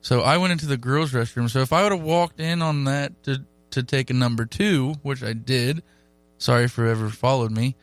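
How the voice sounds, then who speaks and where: A man's voice: mid-range voice, moderate pace, no room sound. A man cohosting a casual podcast, asking rambling, hesitant questions. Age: adult parent. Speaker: guest cohost. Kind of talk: casual chat.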